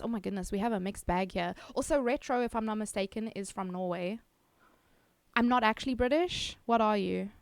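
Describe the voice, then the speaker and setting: A woman's voice: on the high side, dry recording. Giggly South African woman streamer. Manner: giggly, chatty, self-teasing. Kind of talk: casual chat reading viewer messages.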